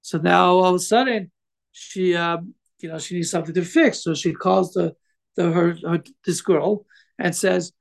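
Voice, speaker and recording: Man, high-pitched, gravelly fry, informal religious class, storytelling, halting, lots of fillers and restarts. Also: fairly even intonation. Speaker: Torah teacher telling a story.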